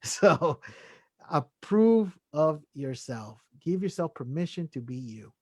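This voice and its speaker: Very animated yet slow, a man with a slightly high, somewhat mellow voice speaks as a podcast guest in a dry recording with clean studio sound. He gives sincere self-help advice in a casual, conversational way, often using "right?" and "you know" and chuckling between points.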